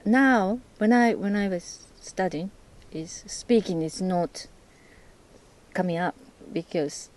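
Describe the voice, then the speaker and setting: A woman talks slowly in a mellow, relaxed voice. Her English is halting, and she pauses often to search for the right words. The conversation stays casual throughout. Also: fairly low pitch, rough recording. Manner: hesitant non-native English, searching for words. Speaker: host, English learner. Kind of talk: casual chat.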